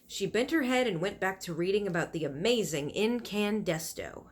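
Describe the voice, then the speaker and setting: A woman's voice: mid-range voice, expressive, normal speed. A woman reading a children's novel aloud, stopping for chatty asides that explain the pictures and fonts. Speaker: reader of a children's book.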